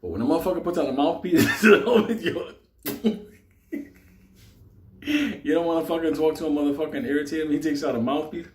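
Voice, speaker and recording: A man telling a neighborhood story casually, profane and animated, laughing often. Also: on the high side, a little fast, pauses often, reverberant, a little hiss or hum.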